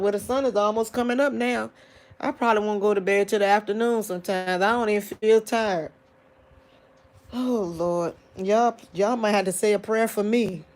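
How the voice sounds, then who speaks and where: A grieving woman hosting a live chat with her viewers, tearful and soft-spoken, often sighing and drawing out her exclamations. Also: medium pitch, moderate pace. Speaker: livestream host talking to viewers.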